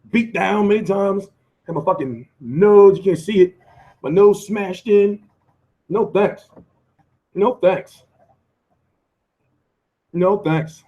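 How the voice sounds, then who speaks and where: An American man hosting a live boxing stream, answering viewer comments in a profane, animated rant with lots of restarts and repeats. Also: sits high, muffled recording. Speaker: boxing commentator and channel host.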